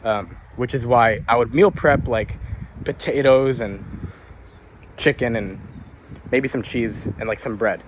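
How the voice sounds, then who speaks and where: A man's voice: medium pitch, unhurried, long pauses, slight background noise. A young man vlogging casually about his day, rambling and swearing, tired and a little out of breath while walking. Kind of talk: casual daily vlog.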